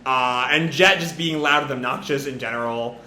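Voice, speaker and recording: A man's voice: medium pitch, moderate pace, noisy background. A man giving a casual live reaction as he reads through a comic, rambling and full of fillers. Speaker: comic reviewer. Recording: roomy echo.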